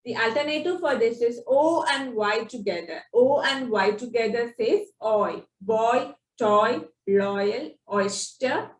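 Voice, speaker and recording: A woman teaching phonics, explaining spelling rules slowly and sounding out example words one by one. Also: on the high side. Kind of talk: slow instructional explanation. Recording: echoey room, distant from the mic.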